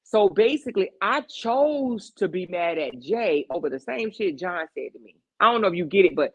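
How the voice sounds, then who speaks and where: A woman's voice: on the low side, lively intonation, normal speed. A woman hosting a casual chat who gives emphatic, preachy life advice and keeps checking in with rhetorical questions. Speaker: podcast host.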